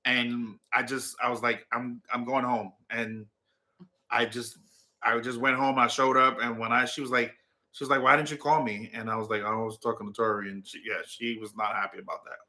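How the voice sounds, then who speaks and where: A man's voice: medium pitch, little pitch movement, moderate pace, sharp tone. A man hosting a casual chat, playfully teasing his wife while he tells stories. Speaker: host.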